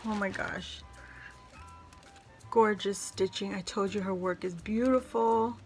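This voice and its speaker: A woman's voice: mid-range voice, fairly even intonation, slow, faint music behind. Gushing woman opening craft mail. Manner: effusive, gushing exclamations. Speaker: crafting channel host. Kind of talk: casual unboxing vlog.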